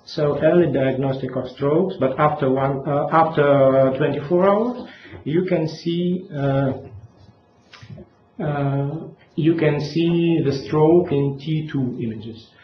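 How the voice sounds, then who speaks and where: A man from Russia with a Russian accent, giving a conference talk in halting English with many fillers. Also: a little high. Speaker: conference speaker. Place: large lecture hall. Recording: echoey lo-fi hall recording, faint noise.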